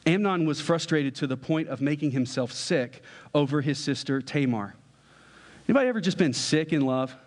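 A man's voice: a little high, animated, moderate pace, big-room sound. A pastor giving a conversational sermon, asking his listeners questions and joking with them. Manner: conversational, asks the congregation questions, jokes.

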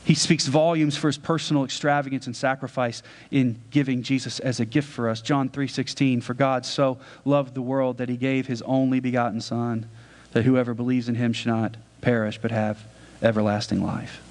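A man's voice: medium pitch, level tone, normal speed, a little mellow, in a large hall. A pastor delivering a sermon in an earnest preaching manner, putting questions to his congregation.

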